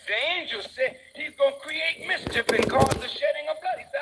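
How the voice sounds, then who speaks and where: A man's voice: very high-pitched, moderate pace, hardly any pauses, heavy background noise. A man preaching a sermon, emphatic and repetitive, his voice climbing as he builds.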